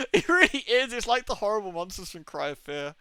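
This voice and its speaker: Bright, high-voiced male game streamer. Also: fairly quick, smooth, no echo. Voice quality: animated, self-mocking, laughs often. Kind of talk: live gameplay commentary.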